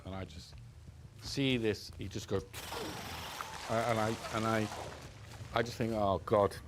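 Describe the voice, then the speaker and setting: A man recounting his time as a hostage in a halting, subdued way, full of restarts. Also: steady tone, heavy background noise. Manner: halting, many restarts, subdued and low-key. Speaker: interviewee recounting being held hostage. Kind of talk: reflective personal storytelling.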